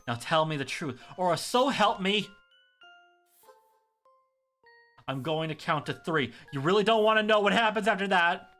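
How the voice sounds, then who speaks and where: A man's voice: high-pitched, expressive, a little fast, pushed and bright, soft background music, pitched above the performer's own voice. A man voicing a stern, weary mother who scolds and questions her son.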